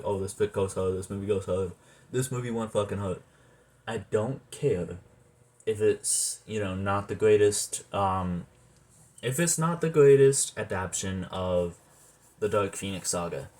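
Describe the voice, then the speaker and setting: Man reviewing movies, casual rambling, low voice, swears and trails off, gets loud and excited. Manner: animated, swears often, trails off with fillers.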